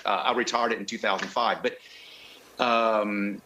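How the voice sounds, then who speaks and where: A middle-aged car club member from the southern United States chats casually in an interview, often halting and restarting his sentences with many fillers. His voice sits on the low side with fairly even intonation, over background noise.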